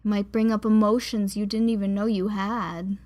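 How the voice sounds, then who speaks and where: A woman's voice: mid-range voice, flat delivery, normal speed, darkish tone, close to an everyday voice. A woman narrator voicing a weary woman gym teacher who speaks in a tired, soothing and patient way. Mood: weary gentle.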